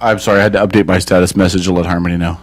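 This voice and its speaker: A man's voice: low voice, little pitch movement, racing. A man co-hosting a casual online call-in chat, teasing the others and laughing often. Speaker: co-host.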